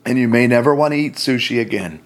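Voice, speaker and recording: A man's voice: medium pitch, fast talker. A man hosting a faith-based marriage talk, telling a story with acted-out quotes and self-deprecating humor. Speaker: host.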